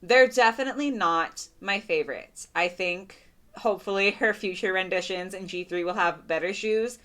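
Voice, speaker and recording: A young woman giving a casual, gushing doll review, full of fillers and excited praise. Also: medium pitch, normal speed. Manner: gushing, chatty, lots of "like" fillers.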